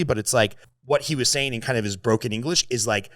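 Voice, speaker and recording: A man's voice: medium pitch, fast, a bit bright, no echo. A man hosting a podcast, telling a story with strong feeling and swearing as he talks. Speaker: podcast host. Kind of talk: casual podcast conversation.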